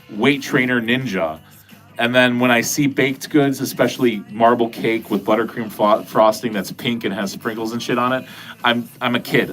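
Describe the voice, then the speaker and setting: A middle-aged man from New England chats through a casual livestream, wandering from topic to topic with jokes and swearing. His pitch sits in the middle range, and faint music plays underneath. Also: fairly bright tone. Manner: rambling, profane, jokey, talks to chat. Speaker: livestream host.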